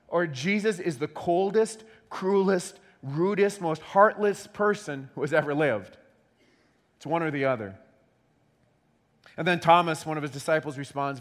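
A man preaching a sermon in an animated way, repeating words as he acts out quotes. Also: on the high side. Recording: long hall reverb.

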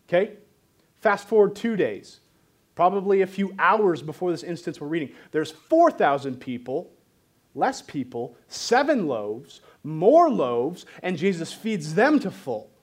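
Higher-voiced man preaching with humor. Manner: animated, joking preaching style. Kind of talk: sermon.

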